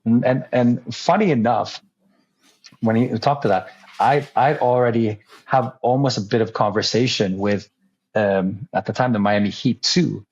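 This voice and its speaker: A man's voice: medium pitch, measured pace, husky, dull audio. A man speaking as a podcast guest, animatedly telling a story and acting out other people's lines, often restarting and repeating words. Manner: animated storyteller who acts out quoted dialogue. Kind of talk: storytelling conversation.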